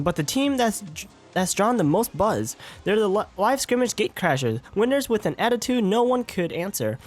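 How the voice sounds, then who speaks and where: A man reading as a hyped tournament announcer. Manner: reads game lines aloud, brighter and higher than his own talk. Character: upbeat tournament announcer introducing contestants.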